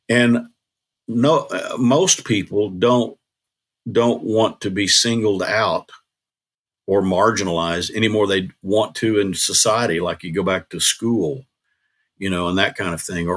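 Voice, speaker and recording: Plain-spoken older man, low voice. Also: a bit bright. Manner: earnest, plain-spoken storytelling with restarts. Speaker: guest, former state legislator. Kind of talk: casual interview talk.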